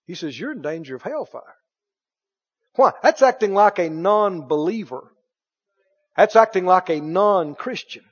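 High, lively preaching man in a hall. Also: unhurried, pauses often, husky. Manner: animated preaching, reads scripture aloud. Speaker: pastor. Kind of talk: sermon. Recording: dull sound in a long-reverb hall.

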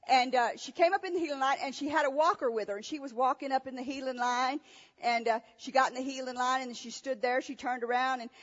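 A woman's voice: sits high, fairly even intonation, fast. A woman preacher giving a sermon, asking rhetorical questions and telling stories with emphasis. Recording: echoey hall, dull sound.

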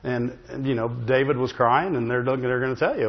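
A man's voice: medium pitch, steady tone, normal speed. A man preaching a sermon in a church, telling a Bible story with humor and checking in with the congregation by asking "Amen?" again and again. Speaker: pastor. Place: church sanctuary. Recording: long hall reverb, dull sound.

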